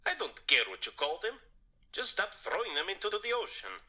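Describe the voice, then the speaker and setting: A man's voice: high voice, wildly swooping pitch, moderate pace, sharp tone, husky, exaggerated voice. An actor voicing a smug male vampire who lectures about the environment in a theatrical manner. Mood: lecturing. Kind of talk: video game voice acting.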